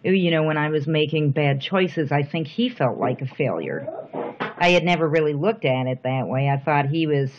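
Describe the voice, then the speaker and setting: A woman's voice: low voice, lively intonation, noisy background. Reflective middle-aged woman, dull recording. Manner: soft-spoken, reflective, thoughtful pauses. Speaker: interviewee. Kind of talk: reflective personal interview.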